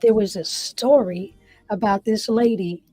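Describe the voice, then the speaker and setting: A woman's voice: mid-range voice, measured pace, mellow, slightly rough, no echo, poor audio. Woman comedian as interview guest; earnest, emotional storytelling that reenacts her own words; dry, close sound.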